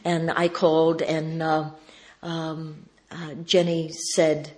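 A woman with a notably low voice shares her recovery story before a meeting. She talks in a folksy, wry way, slipping into the voices of the people in her tale. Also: monotone, takes it slowly, darkish tone. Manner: folksy, wry, acts out quoted dialogue. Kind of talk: personal storytelling talk.

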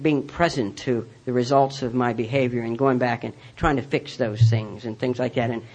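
A man's voice: medium pitch, steady tone, moderate pace, a little mellow. A man telling a personal recovery story in a rambling way, full of restarts and self-mocking humor. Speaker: speaker sharing his recovery story.

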